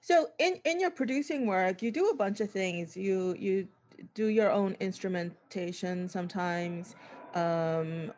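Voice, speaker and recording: A woman's voice: medium pitch, measured pace, darkish tone. A woman interviewing a musician, asking about his career in a hesitant way, with many ums and restarts. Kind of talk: casual interview.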